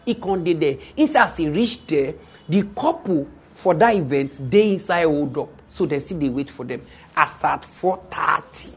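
A young Nigerian man, an event MC, tells a comic story in an animated way and acts out the people in it. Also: a little high, moderate pace, slightly rough. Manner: animated, acts out quoted people, often laughs. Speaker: event MC and show host.

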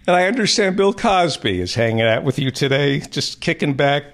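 A man's voice: on the high side, expressive, moderate pace, a bit bright. A man hosting a casual interview, asking wry, teasing setup questions. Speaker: host.

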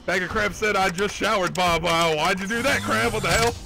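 A man's voice: high-pitched, a little fast, creaky, rough recording. A man streaming a game live, chatting casually, swearing often and reading out and thanking viewers from chat. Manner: excitable, swears often, reads chat aloud and thanks donors. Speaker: livestreaming gamer. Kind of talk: casual live gameplay commentary. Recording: game music in the background.

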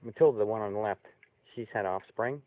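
A man outdoors by a barn talking to his pet foxes and a cat, often cooing at them in a high sing-song voice. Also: brisk. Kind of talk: casual talk to animals. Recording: tinny lo-fi phone-like audio.

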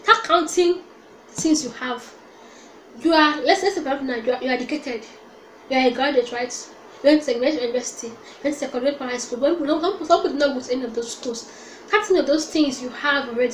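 A woman's voice: sits high, slight background noise. A young woman vlogger giving an earnest, repetitive motivational talk that coaxes the listener along. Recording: echoey room.

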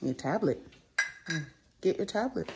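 A young woman talking casually in a home vlog, joking playfully and speaking gently to her child. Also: sits low, expressive, measured pace, noisy background. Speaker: vlogger and parent.

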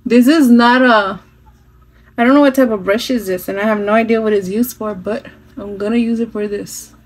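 A woman with a somewhat high, steady voice talks at normal speed through a home makeup tutorial shot on her phone. Her chatter mixes in Spanish phrases and occasional swearing. Audio is poor.

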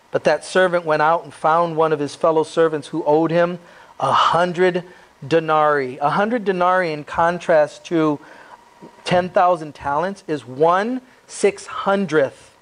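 A pastor with a slightly raised pitch preaches in a church. He moves between reading scripture and relaxed, joking asides. He keeps asking his listeners rhetorical questions. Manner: reads scripture then adds casual, joking asides. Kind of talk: expository sermon.

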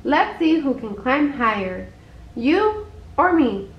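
A woman voicing a bouncy, bossy little boy kangaroo in a squeaky voice. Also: very animated, slow pace, heavily acted. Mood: eager. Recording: echoey muffled room.

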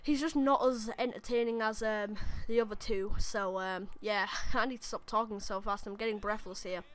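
A young adult woman, rambling and commentating live on her own gameplay, often bursting into excited shouts at the game. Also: mid-range voice, moderate pace. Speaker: gaming YouTuber.

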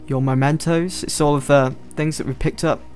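A man's voice: fairly high pitch, steady tone, moderate pace, a little mellow, faint music behind. A man giving casual let's-play commentary, chatting and thinking aloud as he explores. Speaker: gameplay commentator.

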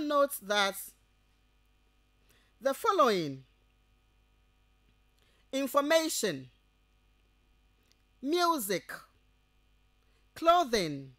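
A woman with a Ghanaian English accent giving a radio lecture to university students, repeating each point slowly as if dictating and checking that they follow. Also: high-pitched, a bit bright, no room sound.

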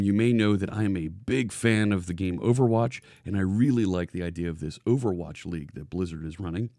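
Chatty man with a low, gravelly voice. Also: darkish tone, dry recording, studio quality. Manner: chatty, greets chat viewers by name, restarts phrases. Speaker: live-stream coding host. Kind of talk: casual live-stream chat. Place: home studio with green screen. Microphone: hidden desk microphone.

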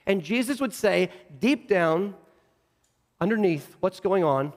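A man's voice: high voice, animated, slow, long reverb tail. A man preaching a sermon in earnest, acting out quoted voices, with frequent restarts. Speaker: pastor. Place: church sanctuary.

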